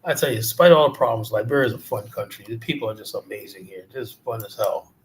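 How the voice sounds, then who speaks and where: A man's voice: lowish voice, fast talker, slight background noise. A man from Queens, hosting a livestream and ranting casually in a profane, rambling, mocking way. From South Jamaica, Queens, New York. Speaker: livestream host.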